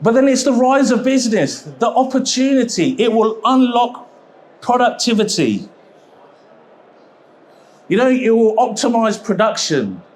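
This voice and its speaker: A man presenting a seminar at a trade expo, chatty and jokey, with quick asides. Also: extremely high pitch, big pitch swings. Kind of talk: live seminar talk. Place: exhibition hall seminar.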